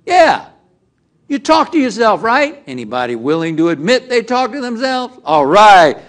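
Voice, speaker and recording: A man's voice: high-pitched, very animated, moderate pace. A male minister giving a sermon to a live congregation, asking them direct questions as he speaks. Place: church hall with a live congregation.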